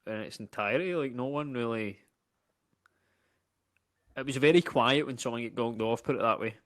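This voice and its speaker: A man's voice: mid-range voice, normal speed, no room sound, clean studio sound. Joking Scottish man. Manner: joking, laughs between lines. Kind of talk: casual chat.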